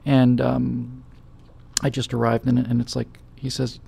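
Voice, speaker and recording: A man's voice: medium pitch, monotone, moderate pace, creaky, mellow, slight background noise. A man hosting a live show, telling stories in a rambling, casual way with many fillers. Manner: rambling and anecdotal with frequent fillers. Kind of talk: casual storytelling chat.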